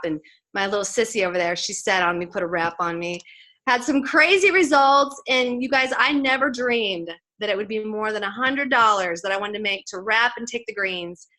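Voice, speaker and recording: A woman's voice: medium pitch, moderate pace, sharp tone. A woman in her forties giving an emotional, faith-filled motivational testimony to a sales team, chatty and earnest, building into fired-up preaching. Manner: chatty, many "like"s and "you guys". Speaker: speaker at a sales team event.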